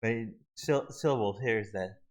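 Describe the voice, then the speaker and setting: A man walking viewers through a website search tool in a halting, casual screen-recorded tutorial, often restarting his sentences. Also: on the low side, darkish tone, low-quality recording. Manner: halting, many restarts and fillers. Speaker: video tutorial host.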